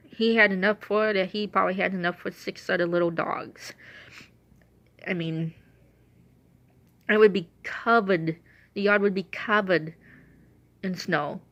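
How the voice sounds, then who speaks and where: A woman's voice: medium pitch, a bit bright, no echo. A woman telling rambling, laughing stories in casual chat, with a runny nose and a cough. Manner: chatty, meandering, laughs often. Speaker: vlogger telling stories about her late dog.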